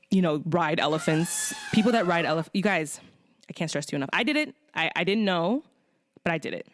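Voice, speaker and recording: A woman with a low voice hosts a podcast against a noisy background. The chat is casual and rambling, full of swearing and fillers.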